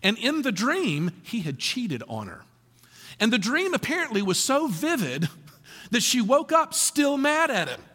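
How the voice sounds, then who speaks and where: A male pastor preaching a sermon in a conversational, animated way, asking his listeners many questions. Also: very high voice, unhurried, in a large hall.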